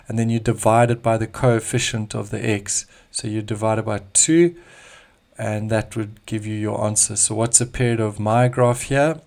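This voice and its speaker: A man teaching a maths lesson, walking step by step through written notes in a calm way and slowing down on key terms. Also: mid-range voice.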